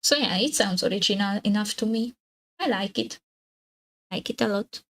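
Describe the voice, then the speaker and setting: A young adult woman, a native Hungarian speaker, chatting casually on a live stream, giggly and hesitant with many fillers and restarts, her voice slightly husky. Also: mid-range voice, moderate pace, low-quality recording.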